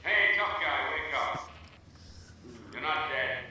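Bossy mocking game voice, sounds far off and roomy. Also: male voice, on the high side, expressive, slow pace, pushed and bright, heavily acted. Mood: taunting. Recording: roomy far-off game audio with background noise.

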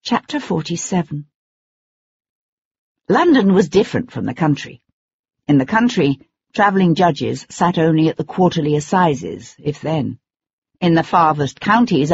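An audiobook narrator reading in a measured, dramatic way, on a dull lo-fi recording. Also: mid-range voice, husky, dry recording.

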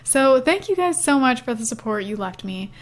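A woman's voice: sits high, big pitch swings, normal speed. A young woman casually narrating her life-simulation game as a gaming YouTuber, chatty and giggly, with lots of "um" and "like". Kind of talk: casual let's-play commentary.

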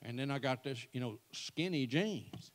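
A man's voice: mid-range voice, animated, normal speed, slight background noise. A man, telling folksy, self-mocking comic stories at a church event. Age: 60s. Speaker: church speaker. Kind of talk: comic storytelling to a live audience.

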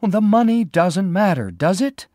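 A man's voice: mid-range voice, sing-song, a little slow, no room sound, studio quality, voice pushed up. A man voicing a worried young woman who is searching for her missing sister, pleading and emotional.

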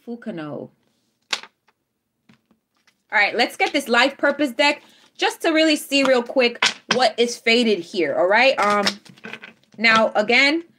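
A fairly high-voiced woman hosting a live tarot reading. She talks emphatically and keeps repeating her affirmations, checking in with her viewers after nearly every point. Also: background noise. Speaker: tarot reader.

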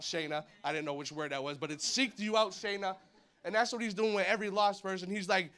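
A man's voice: sits high, normal speed. A man in his thirties preaching in a church, talking casually with slang and acting out the voices of people in his stories. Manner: animated, acts out voices, colloquial slang. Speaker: pastor. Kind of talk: sermon. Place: church hall.

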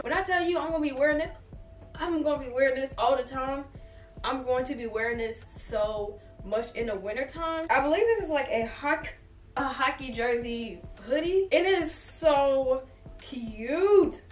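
A young woman with a high, bright-sounding voice talks animatedly to her viewers about her clothes. She is recorded in an echoey room, a little away from the microphone. Faint music plays underneath. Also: moderate pace, far from the mic. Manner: chatty, animated, addresses viewers as y'all. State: has hiccups. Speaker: fashion vlogger. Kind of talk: casual try-on haul chat.

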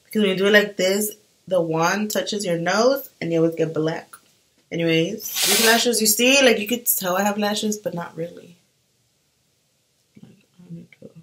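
A woman's voice: medium pitch, normal speed, a little hiss or hum, low-quality recording. A young woman chatting casually while doing her makeup, talking animatedly. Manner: chatty and animated, full of fillers. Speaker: beauty vlogger.

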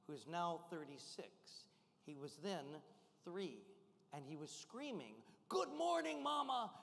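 An older man speaking to a crowd with a high, energetic voice, calling out to the audience and getting them on their feet. His voice rings out with a long reverb from a big hall. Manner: energetic, rousing the crowd with call-and-response shouts. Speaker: guest speaker. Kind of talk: motivational keynote to a live audience. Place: large event hall.

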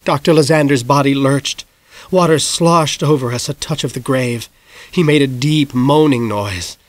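A man narrating a novel as an audiobook in measured, grave storytelling, dropping soft at the darkest moments. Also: mid-range voice, no echo.

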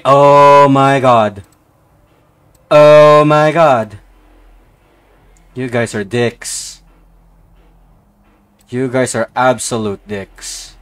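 A young man giving casual live-stream commentary as he plays, excitable, swinging from low mumbling to sudden outbursts. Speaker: game streamer.

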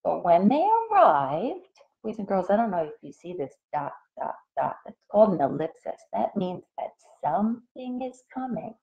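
A woman teacher reads a picture book aloud to young children, pausing to explain things to them. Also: on the low side, gravelly, lo-fi sound. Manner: expressive, pauses to explain to young listeners.

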